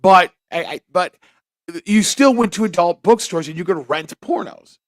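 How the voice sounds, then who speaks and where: A man's voice: high voice, expressive, moderate pace, fairly bright tone, dry recording, clean studio sound. A man telling crude, rambling stories on a podcast, often laughing at himself. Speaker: podcast co-host. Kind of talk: casual chat.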